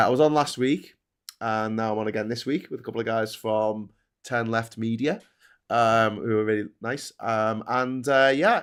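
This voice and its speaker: A man hosting a relaxed chat show, bantering and laughing with his guests. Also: fairly low pitch. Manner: chatty, laughing, quick asides. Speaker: host.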